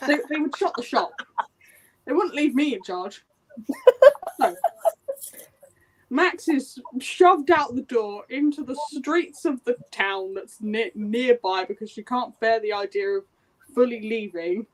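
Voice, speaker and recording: High-voiced woman animatedly retelling a story. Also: measured pace, pauses often. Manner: animated retelling with acted quotes. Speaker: book club member. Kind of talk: casual book club chat.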